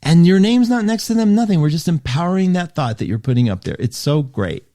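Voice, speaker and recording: A man hosts a live call-in style astrology hour, talking straight to his listeners. His delivery is chatty and animated, full of restarts and asides. His voice has a mellow, warm tone. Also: fairly high pitch, a little fast. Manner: chatty, animated, self-interrupting; reads listener comments aloud. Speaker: host. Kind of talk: live radio show monologue.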